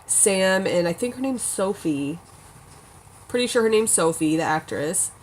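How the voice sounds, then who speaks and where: A woman's voice: mid-range voice, animated, a little slow, a little hiss or hum. A young woman chatting casually at home, reviewing a TV episode, saying "like" a lot and swearing now and then. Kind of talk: casual chat.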